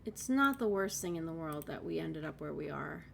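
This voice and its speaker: A woman's voice: low-pitched, animated, moderate pace, vocal fry, slight background noise. A woman giving casual gameplay commentary, chatty and thinking aloud, with sudden exasperated outbursts. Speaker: let's play gamer.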